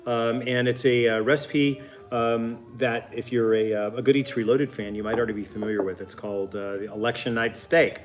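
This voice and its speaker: A man's voice: mid-range voice, fairly even intonation, a little fast, few pauses. A man hosting a cooking show from his kitchen. He keeps up a loose, profane, wisecracking patter and explains each step as he cooks. Music plays underneath him. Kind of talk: casual cooking banter.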